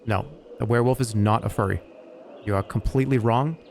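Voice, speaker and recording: A man in his forties, a live streamer, chatting casually to his audience and arguing a point in a rambling, animated way with lots of fillers and some swearing. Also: mid-range voice, fairly quick, gravelly, slight background noise. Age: 40s.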